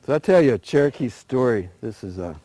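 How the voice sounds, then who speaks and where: A man telling traditional folktales in a relaxed, conversational way, with small restarts. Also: mid-range voice, slightly rough, no echo. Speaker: storyteller guest. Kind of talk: oral folk storytelling.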